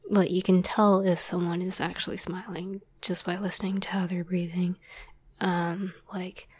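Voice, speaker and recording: Young woman, whispered role-play talk, breathy and dry, slow and flat, rambling with fillers. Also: on the low side, dry recording. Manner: soft rambling whisper with many fillers and light laughs. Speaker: audio drama script writer.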